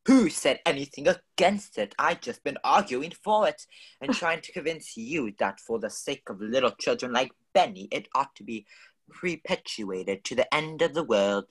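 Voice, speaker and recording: A man's voice: medium pitch, lively intonation, normal speed, a bit bright, slightly rough. A man voicing a stuffy, lecturing husband who declaims in a pompous way, as in a radio play. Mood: earnest.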